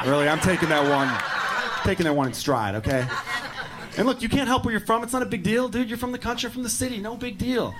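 A man's voice: high voice, animated, fast talker, heavy background noise. A man performing a stand-up set, brash and profane, acting out both sides of a story. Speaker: stand-up comedian.

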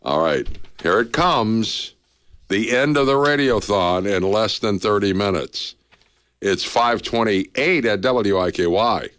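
A man hosting a charity radiothon on the radio, relaxed and joking, a little punchy after a long day. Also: lowish voice, slow, clear, resonant tone. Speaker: radio host.

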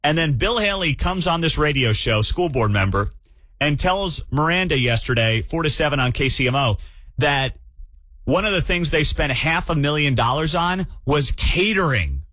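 A man hosting a morning talk radio show, ranting in an animated and incredulous way. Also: fairly high pitch, normal speed, dry recording.

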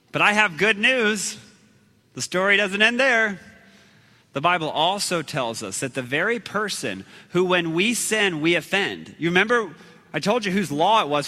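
Male preacher, high-pitched, animated storyteller, reverberant hall sound. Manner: animated, acts out shouts and quotes, laughs at himself. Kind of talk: storytelling sermon.

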